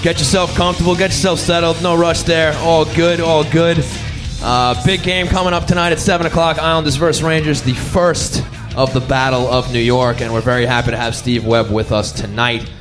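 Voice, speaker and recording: A man's voice: a little high, fairly even intonation, brisk, over music. A man hosting a live interview at a bar event, upbeat and a little hesitant with fillers. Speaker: event host.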